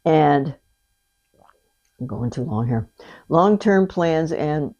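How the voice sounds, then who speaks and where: A woman's voice: sits low, expressive, slow, dark tone, muffled recording. An older woman giving a chatty tarot reading, talking straight to the viewer with folksy exclamations. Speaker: tarot reader. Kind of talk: casual tarot reading to camera.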